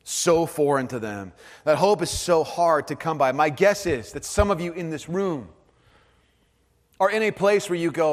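Conversational preacher in a reverberant hall. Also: male voice, normal speed. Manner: conversational, drops to soft low emphasis. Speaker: pastor. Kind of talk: sermon. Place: large hall with audience.

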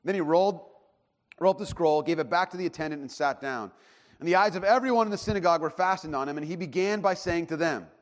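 Guy giving a sermon, casual and animated, slightly higher voice, does little voices for the crowd. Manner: conversational, animated preaching, acting out voices of crowds and characters. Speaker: pastor.

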